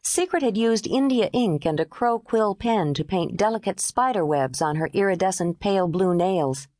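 A woman narrating a novel audiobook in a measured, expressive read. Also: mid-range voice, dry recording, studio quality. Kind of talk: scripted narration.

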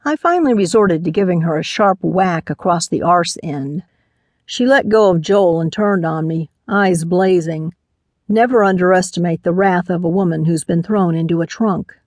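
A woman's voice: fairly low pitch, normal speed, darkish tone, no room sound, clean studio sound. A woman narrating a first-person mystery audiobook, lending voices to the characters.

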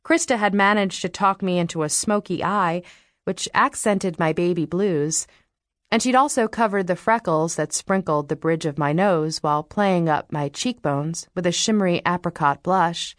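Woman, audiobook narrator, first-person storytelling, wry and expressive, lowish voice, dry close mic. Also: no echo. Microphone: studio microphone.

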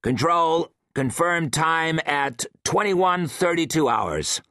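A man's voice: on the high side, animated, slow, sharp tone, dry recording, studio quality, pitched above the performer's own voice, exaggerated voice. A man voicing a tough male station chief, a marine biologist who barks orders in a raised, clipped voice. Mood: clipped radio report.

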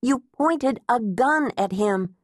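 A woman's voice: a little high, lively intonation, slow pace, no echo, studio quality, voice pushed up. Woman playing a defiant, feisty woman wielding threats. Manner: sharp, defiant, blustering. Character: feisty frightened woman defending her home.

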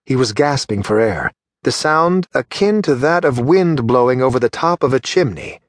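A man narrates a fantasy audiobook from script, steady and measured in his storytelling. His voice is mid-range, and the studio sound is clean with no echo.

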